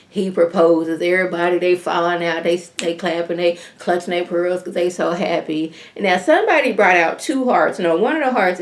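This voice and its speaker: Chatty woman recapping a reality episode. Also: lowish voice. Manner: chatty, acts out other people's lines in quotes; leans on fillers like "like" and "um". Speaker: reality TV reviewer.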